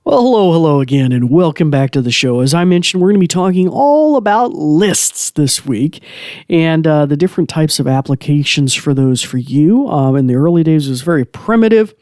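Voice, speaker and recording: A man's voice: on the high side, lively intonation, moderate pace, darkish tone, dry recording, clean studio sound. A man hosting a podcast in a casual, chatty way, with many fillers. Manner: chatty, with frequent fillers and laughs. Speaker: podcast host and assistive technology instructor.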